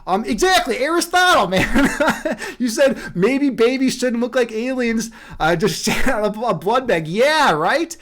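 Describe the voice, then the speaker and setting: A man's voice: very high-pitched, expressive, unhurried, fairly bright tone. A man chatting casually on a livestream, rambling and profane, laughing often. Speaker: streamer.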